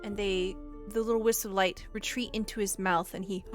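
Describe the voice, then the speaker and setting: A woman narrating as game master of a tabletop game, with slow, soft storytelling. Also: mid-range voice, fairly even intonation, faint music behind.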